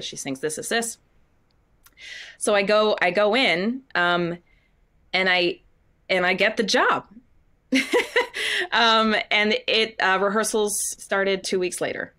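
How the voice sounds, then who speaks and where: A woman speaks as a podcast guest in a lively, candid way, slipping into little acted voices when she quotes people. Her voice sits a touch low for a woman. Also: normal speed. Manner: chatty and animated, acting out quoted voices. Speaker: Broadway actress, guest. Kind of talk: casual interview chat.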